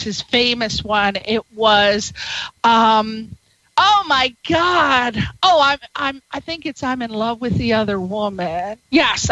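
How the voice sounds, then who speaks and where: A woman's voice: high-pitched, pushed and bright, dry recording, highs cut off. A middle-aged woman hosting a radio interview show, bubbly and flirtatious, hopping from topic to topic. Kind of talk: radio interview, chatty and playful.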